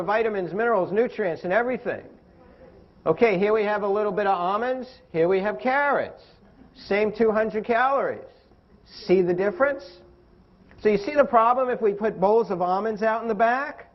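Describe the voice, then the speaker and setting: A man's voice: sits high, muffled recording. A man giving a live health lecture with props, playful and often quizzing his audience. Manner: playful, asks the audience questions. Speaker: physician assistant lecturer.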